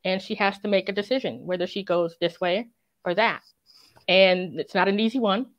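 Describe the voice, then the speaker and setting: A woman's voice: mid-range voice, moderate pace. Reflective woman author on a dull line. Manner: reflective and earnest, many fillers and "sort of" hedges. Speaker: crime writer, interview guest. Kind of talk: conversational interview.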